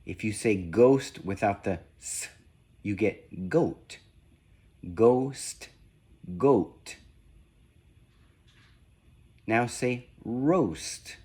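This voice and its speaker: A man slowly giving spoken sound-swap drills, one deliberate prompt at a time. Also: fairly low pitch, expressive, a little mellow, husky. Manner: slow, deliberate, evenly paced prompts. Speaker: reading test examiner. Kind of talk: slow scripted phoneme drill.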